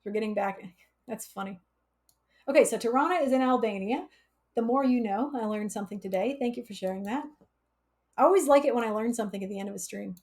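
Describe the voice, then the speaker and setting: A woman's voice: fairly high pitch, fast, a little mellow. A woman hosting a casual live coding stream, chatty and laughing often as she reads chat aloud. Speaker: livestream coding instructor.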